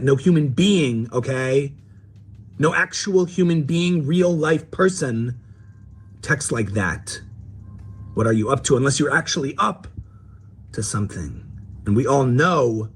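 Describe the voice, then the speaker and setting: A man's voice: medium pitch, expressive, measured pace, long pauses, a little hiss or hum, lightly acted. A man playing a paranoid woman commentator in a parody sketch, talking mock-serious and theatrical with swooping emphasis.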